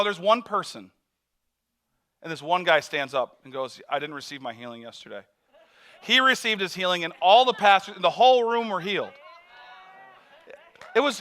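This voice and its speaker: A man telling a mission story in a sermon, animated, acting out voices and laughing often. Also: on the high side.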